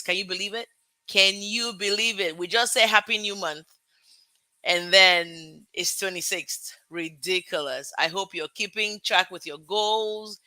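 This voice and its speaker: A woman hosting a live show, opening with gushing, excited welcomes to her viewers. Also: on the low side, no room sound. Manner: bubbly, gushing and effusive. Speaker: host. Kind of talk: excited livestream show intro.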